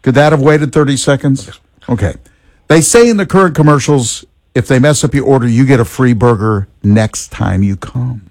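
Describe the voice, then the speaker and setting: A man's voice: medium pitch, moderate pace, a little mellow, dry recording. A man in his sixties co-hosting a radio show, with a dry, wry manner. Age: about 60s. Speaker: radio co-host. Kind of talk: casual radio banter.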